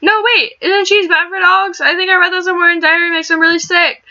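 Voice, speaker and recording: A woman voicing Mari, an excitable cheerful teenage girl in a game, in a high gushing voice. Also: a little fast, lo-fi sound, full character voice. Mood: eager.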